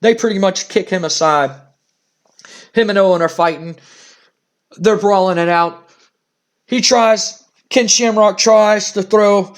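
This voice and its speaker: A man hosting a let's play of a wrestling sim, narrating with excitable, stammering disbelief. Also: high-pitched, a little slow, long pauses, smooth.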